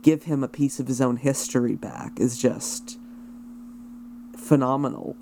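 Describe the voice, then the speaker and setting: A man interviewing a guest, asking brisk quick questions. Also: medium pitch, steady tone, vocal fry, warm tone, a little hiss or hum.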